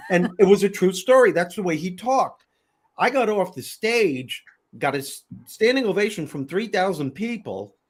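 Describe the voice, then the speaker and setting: A middle-aged man with a New York accent hosts a casual panel chat. His voice is husky and sits fairly high. He tells stories in animated bursts and often restarts his sentences. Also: normal speed. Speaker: host.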